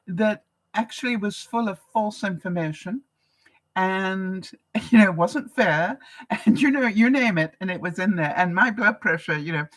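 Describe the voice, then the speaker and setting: A woman's voice: mid-range voice, a little slow, a bit bright, poor audio. An older woman from Canada, hosting a live vlog broadcast and chatting casually with viewers, laughing often. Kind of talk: casual advice chat to viewers.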